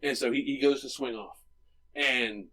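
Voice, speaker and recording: A man's voice: mid-range voice, recorded from a distance, poor audio. Man retelling a movie, a bit off-mic. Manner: lively retelling, breaks into quick character voices. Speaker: podcast co-host. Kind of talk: casual movie podcast chat.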